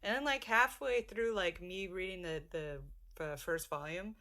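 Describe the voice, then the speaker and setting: A woman's voice: on the low side, a little slow, bright, forceful tone. Woman rambling through a laughing story. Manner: rambling, laughs mid-story, swears casually. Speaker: podcast co-host. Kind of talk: casual storytelling chat.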